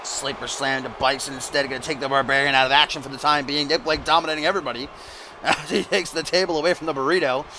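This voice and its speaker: A man's voice: a little high, steady tone, fast, background noise. A man streaming live, doing playful mock-broadcast play-by-play commentary on a wrestling video game, with the odd swear.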